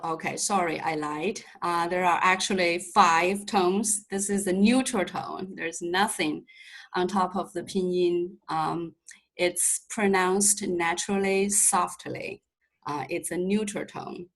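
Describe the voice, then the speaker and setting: A woman's voice: fairly low pitch, fairly even intonation, takes it slowly, a bit bright, low-quality recording. A woman teaching a Mandarin lesson over a video call, explaining patiently step by step with light humor. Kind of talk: online language lesson.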